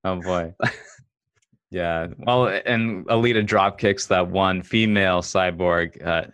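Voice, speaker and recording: A man talking casually about a movie in a measured, thoughtful way, pausing with fillers as he searches for words. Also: low voice, fairly even intonation, a bit bright, smooth, dry recording. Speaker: co-host discussing a film. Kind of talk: casual film discussion.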